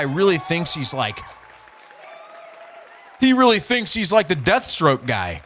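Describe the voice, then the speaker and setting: A man's voice: on the high side, big pitch swings, slow, pauses often, a bit bright, some chatter behind. A man hosting a podcast, casually recounting an online argument in a profane, trolling way and reading messages aloud. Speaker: podcast host. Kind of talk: casual storytelling.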